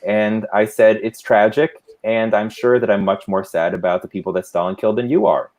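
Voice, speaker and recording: A man speaking as a guest on a panel, thoughtful and measured, telling anecdotes from past talks. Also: fairly low pitch, fairly even intonation, a little mellow. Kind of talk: casual panel discussion.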